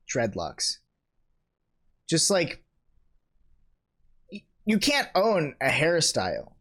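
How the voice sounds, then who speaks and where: A man hosting a casual reaction video, reacting with dry, sarcastic asides and sometimes trailing off or restarting when unsure. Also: on the high side.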